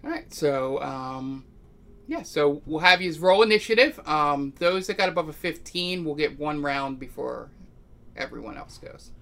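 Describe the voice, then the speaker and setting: A man's voice: fairly high pitch, lively intonation, a little slow, gravelly, sharp tone, slight background noise. A man narrating a tabletop game as game master, hesitant with many ums and uhs.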